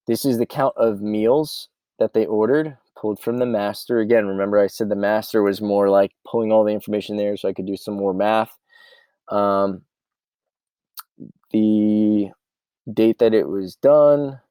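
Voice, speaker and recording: A low, gravelly man talks through his ordering spreadsheet in a rambling, offhand way. His voice is dark and mellow, and the sound is dry and close. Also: no echo. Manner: rambling and offhand, thinking aloud. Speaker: meal prep business owner. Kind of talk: casual software walkthrough.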